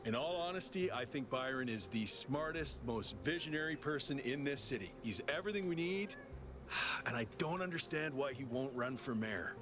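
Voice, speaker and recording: An earnest young android activist voiced by a man pleads his case in a relaxed, surfer-like drawl. The video game dialogue sounds slightly muffled. Clear game music plays underneath. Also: medium pitch, moderate pace, lightly acted. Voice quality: laid-back surfer-like voice. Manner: earnest, persuasive. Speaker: petition-gathering transit worker.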